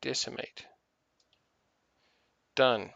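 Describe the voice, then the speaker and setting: A man's voice: drawn-out words, a bit bright, dry recording, highs cut off. A man streaming a game, chatting casually and rambling, swearing freely as he talks. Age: adult, married for years. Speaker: gaming streamer. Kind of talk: casual chat while playing.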